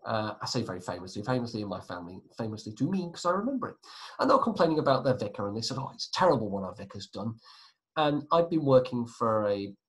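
A man's voice: medium pitch, sing-song, fast talker, fairly bright tone. Chatty man giving a history lecture. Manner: chatty, digressive, self-mocking asides. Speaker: history teacher. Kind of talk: classroom lecture.

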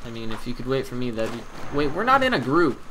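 A man hosting a casual game let's play, joking, excitable and laughing often, over faint game music. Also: medium pitch, fast talker, low-quality recording. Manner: jokey, excitable, laughs a lot. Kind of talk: casual gameplay chat.

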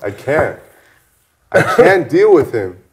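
A man's voice: a little high, very animated, slow pace. A man in casual banter, teasing and laughing with heavy cursing, on a lapel mic indoors. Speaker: reality show houseguest. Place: indoors in a house.

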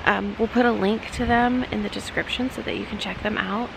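A young woman vlogging on a trip, chatting casually and filling pauses with lots of ums. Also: medium pitch, fairly even intonation, creaky. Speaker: travel vlogger. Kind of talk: casual travel vlog chat. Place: outdoors on a trail, later in a car. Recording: loud background noise, outdoors and car.

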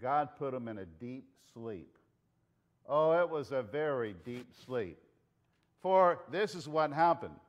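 A man with a Southern US accent preaching a sermon as pastor, telling the story with animated delivery, shouting out lines and dropping to hushed asides. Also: medium pitch, takes it slowly, lo-fi sound.

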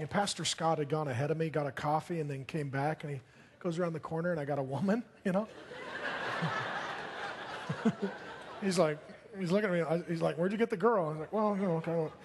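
A man preaching a sermon as a pastor, telling stories in a lively, joking way with bursts of excitement. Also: fairly high pitch, quick pace, slightly rough. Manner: animated, jokey storytelling with bursts of excitement. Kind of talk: sermon storytelling. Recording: long hall reverb.

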